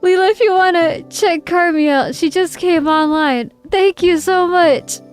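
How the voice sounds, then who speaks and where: High-voiced playful woman streamer. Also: unhurried. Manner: playful and giggly, reads chat aloud. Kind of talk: casual livestream chat. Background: faint background music.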